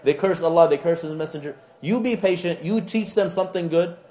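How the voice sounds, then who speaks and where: A man preaching a sermon to a live audience, telling stories with acted-out voices and reciting Quranic Arabic rapidly. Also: fairly high pitch. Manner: animated storytelling with acted-out voices. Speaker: imam.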